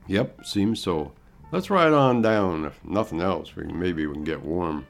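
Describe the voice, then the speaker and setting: A man's voice: deep voice, animated, measured pace, creaky, faint music behind, exaggerated voice. A man voicing a wry, blunt cowboy traveler. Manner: teasing, blunt.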